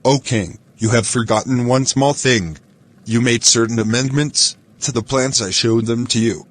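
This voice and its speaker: Мужчина в роли архитектора, который оправдывается. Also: male voice, mid-range voice, moderate pace, lightly acted. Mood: defensive. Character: architect defending himself to the king.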